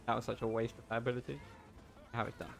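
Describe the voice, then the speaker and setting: A man's voice: medium pitch, little pitch movement, very fast, vocal fry, a crowd in the background. A man chatting casually while playing a game, making dry, matter-of-fact remarks. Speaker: gamer. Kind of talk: casual gaming chat.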